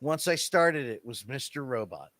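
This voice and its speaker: A man's voice: mid-range voice, normal speed, no echo. A man co-hosting a casual podcast chat, ranting and swearing with lots of energy. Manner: ranting, profane, animated. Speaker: podcast co-host.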